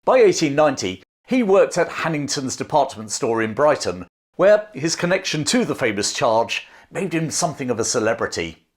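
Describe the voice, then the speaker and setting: Male history narrator, animated pitch, dramatic scripted delivery with falling phrase endings. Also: normal speed. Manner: dramatic storytelling, falling cadence at phrase ends. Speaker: history storyteller.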